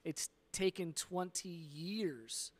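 A man's voice: high-pitched, drawn-out words. A male pastor talking frankly in a conversational sermon, with fillers and restarts. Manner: plain-spoken and frank, with fillers.

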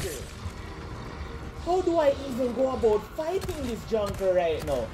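A man with a Jamaican accent commentating a game, loud and excitable, yelling and joking in patois as he plays. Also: high-pitched, unhurried, long pauses, over music. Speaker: gamer commentator. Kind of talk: let's-play commentary.

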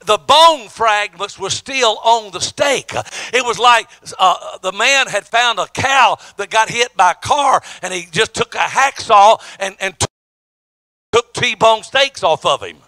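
A man's voice: high voice, lively intonation, a little slow, bright, forceful tone, no echo. A middle-aged man, an evangelist, preaching a testimony with emphatic storytelling and many stammered restarts. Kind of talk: sermon testimony.

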